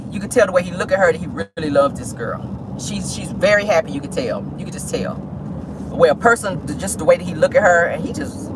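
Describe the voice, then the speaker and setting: A woman's voice: medium pitch, slight background noise, low-quality recording. A woman vlogger chatting sassily about celebrity gossip from her car, calling listeners "honey" often. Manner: sassy, animated, says "honey" often. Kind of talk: casual celebrity gossip chat.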